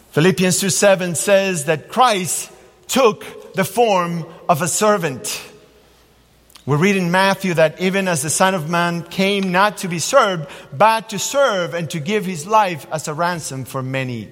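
A man preaching a sermon as a pastor, telling stories in an animated way. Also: sits high, slow. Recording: long hall reverb.

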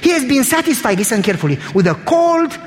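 A man's voice: very high-pitched, sing-song, quick pace, big-room sound. A man preaching a sermon in a church, telling stories in an emphatic, conversational way.

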